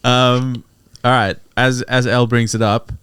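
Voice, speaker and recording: A man's voice: medium pitch, little pitch movement, measured pace, fairly bright tone, clear, resonant tone, no echo, studio quality. A man co-hosting a podcast, enthusiastic and joking. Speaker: podcast co-host. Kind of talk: casual chat.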